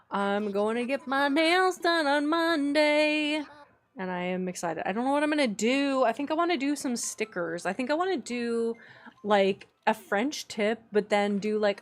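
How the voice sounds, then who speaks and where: A woman streaming and chatting casually with her viewers, playful and laughing often, her voice a little rough. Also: medium pitch. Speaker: streamer reading chat. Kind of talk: casual live-stream chat.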